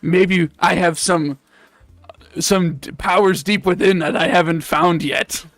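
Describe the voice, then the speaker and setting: A laid-back, cocky talking frog sidekick, as a man puts it on. The voice sits a bit high and gravelly. The delivery is slow and easygoing, like talking to a buddy. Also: fairly even intonation, a bit bright, dry recording, heavily acted. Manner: casual, buddy-like.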